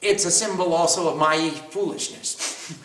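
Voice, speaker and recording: A man's voice: a little high, unhurried, a bit bright, slight background noise. A man giving a spiritual discourse and answering questions, playful and self-mocking, often laughing. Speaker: spiritual teacher. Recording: echoey room, picked up from a distance.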